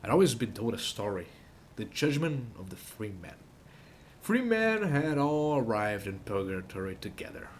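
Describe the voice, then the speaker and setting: A man reading a journal as a grim, weary frontier man, in a low, brooding tone. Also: sing-song, normal speed, a little hiss or hum.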